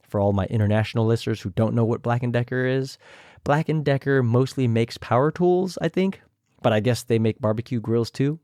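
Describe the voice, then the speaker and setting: Casual male podcast host, young, recap delivery, average pitch, dry close sound. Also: moderate pace, dark tone, no echo. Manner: chatty, mimics others in a higher voice. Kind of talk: casual recap with imitated quotes.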